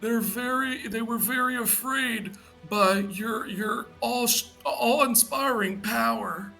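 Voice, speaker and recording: A courtly, earnest adventurer , as a man voices him, measured and gentle, pitched high with a bright tone. He sits a little back from the mic. Soft music plays behind. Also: creaky, full character voice, low-quality recording.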